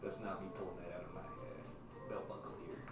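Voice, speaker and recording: A game master voicing a greedy, smug company boss in a tabletop game, with a put-on drawl and a folksy, bossy, teasing manner. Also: male voice, deep voice, little pitch movement, brisk, pitched below the performer's own voice, close to an everyday voice. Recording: roomy and distant, music behind.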